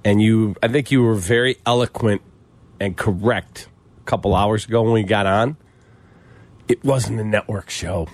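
A man's voice: on the low side, moderate pace. A man on a radio show paying an earnest, subdued tribute to a late colleague. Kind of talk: casual sports radio chat.

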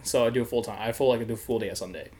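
Racing through his story, a young male podcast host chats casually, laughs often, and swears freely. His voice sits at medium pitch with a darkish tone.

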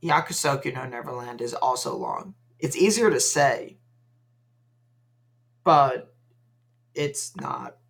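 A man's voice: mid-range voice, huge pitch swings, slow, gravelly, pauses often, a bit bright. A young man co-hosting a casual podcast, dry and rambling as he recaps episodes. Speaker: podcast co-host. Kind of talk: casual chat.

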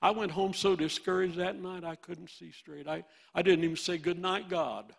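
A man in his eighties with a Midwestern American accent, preaching a sermon and swinging from loud bursts to hushed storytelling. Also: high voice, steady tone, normal speed, creaky. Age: 80s.

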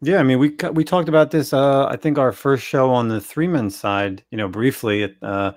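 A man co-hosts a casual chat about collecting comics and calmly reads out prices and sales figures. His voice has a middle pitch, and the sound is dry and close. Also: normal speed, dry recording. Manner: relaxed, talks through prices and sales data. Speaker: co-host.

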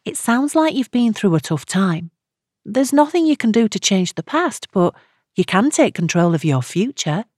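A woman narrates an audiobook, voicing a gentle radio advice host of about fifty who speaks softly to callers. Her mid-range voice, pitched a little above her own and close to an everyday sound, swings widely in pitch at a normal speed, on a dry, studio-quality recording.

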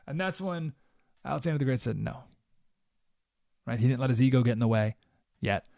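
Male radio host, slightly high voice, animated storyteller, close dry studio mic. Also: moderate pace, pauses often, dry recording. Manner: animated storyteller, acts out quotes with jumps in pitch. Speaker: radio talk show host. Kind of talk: monologue on talk radio.

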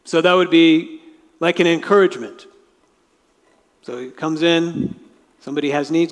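Man, pastor, conversational sermon, slightly high voice, long hall reverb. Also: normal speed. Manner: conversational, explains with asides. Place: church sanctuary.

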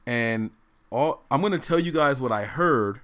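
Animated storytelling man. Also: medium pitch, a little slow, smooth. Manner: animated storytelling, laughs often. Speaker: podcast co-host. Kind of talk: casual chat.

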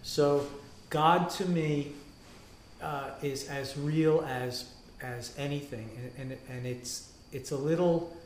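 A rabbi, a man, talking on a panel in an animated way and acting out the quotes he tells. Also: on the high side, slow, slight background noise. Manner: animated storytelling, acts out quotes. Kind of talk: panel discussion talk. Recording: roomy echo.

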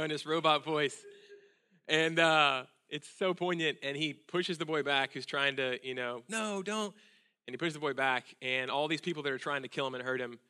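A man in his thirties preaching a sermon in a church, telling stories with earnest feeling and dropping to a hushed intensity. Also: mid-range voice. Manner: earnest, emotional storytelling, drops to hushed intensity. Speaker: pastor. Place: church sanctuary.

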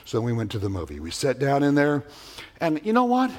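A man preaching a sermon as pastor, emphatic and animated, telling stories with vivid sound effects. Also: mid-range voice, brisk.

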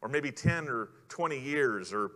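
A man's voice: medium pitch, expressive, unhurried, bright, forceful tone. A man preaching a sermon in an earnest way, putting questions to the congregation. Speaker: pastor. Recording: long hall reverb.

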